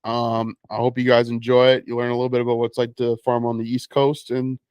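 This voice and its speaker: A man's voice: medium pitch, little pitch movement, fast, clean tone, no echo, dull audio. A young Canadian man co-hosting a podcast, asking questions in an easygoing, joking way. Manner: easygoing, joking interviewer with frequent agreement. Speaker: podcast co-host. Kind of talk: casual chat.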